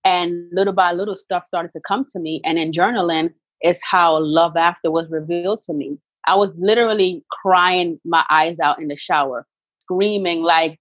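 Earnest woman, low voice, dry sound. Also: fairly even intonation, normal speed, no echo, highs cut off. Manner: earnest, emphatic, faith-filled storytelling. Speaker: guest, author and actress. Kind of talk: candid interview talk.

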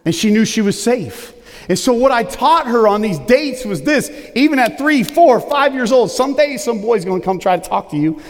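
A middle-aged man preaching a sermon as pastor, with a loud, booming, emphatic delivery. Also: lively intonation, normal speed. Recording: long reverb of a large hall.

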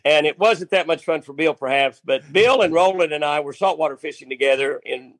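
A man's voice: on the high side, fairly quick, a bit bright, dry recording. An older man telling a funny fishing story in a casual, rambling way, restarting lines and laughing at his own tale. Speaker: guest storyteller.

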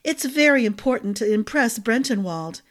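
A woman's voice: fairly high pitch, expressive, normal speed, fairly bright tone. A woman voicing a gossipy, motherly head cook who talks with emphatic fondness.

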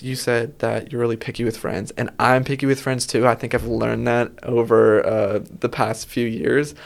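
A man's voice: medium pitch, vocal fry. A man hosting a casual conversation, reflective and somewhat hesitant, with many fillers as he asks questions. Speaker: host.

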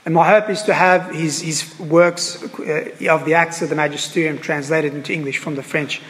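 High-voiced preacher in an echoing church. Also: male voice, fairly even intonation, fairly bright tone. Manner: earnest, halting, repeats phrases with many fillers. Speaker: priest. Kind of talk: sermon.

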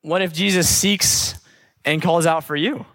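A man with a high voice preaches a sermon. He drives each point home with repeated rhetorical questions and drops into casual, conversational asides. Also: steady tone, unhurried, fairly bright tone.

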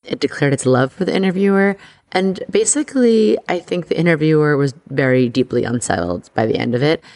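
A woman hosting an astrology podcast, talking in a chatty, excitable way full of "like". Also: deep voice, brisk. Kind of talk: casual podcast monologue.

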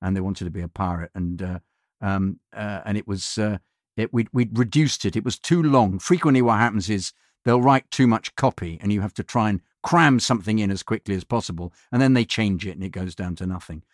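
A man's voice: lowish voice, brisk, dry recording. Man rambling through a studio anecdote. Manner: rambling, full of restarts and fillers. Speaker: voiceover artist. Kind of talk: anecdotal storytelling.

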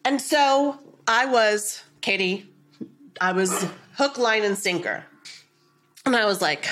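A woman's voice: mid-range voice, unhurried. A woman hosting a podcast, chatting casually and telling stories with frequent laughter. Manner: animated storyteller, laughs often. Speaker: podcast host.

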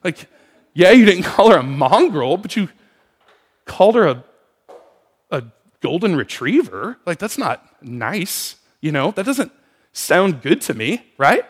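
A man preaching a sermon, asking the congregation questions in an animated way. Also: high-pitched, measured pace, long pauses, slightly rough, in a large hall. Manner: animated, asks the room questions. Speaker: pastor.

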